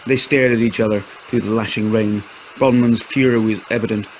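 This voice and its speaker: A man narrating a scripted horror story in a steady, measured way. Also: fairly low pitch, slight background noise, low-quality recording.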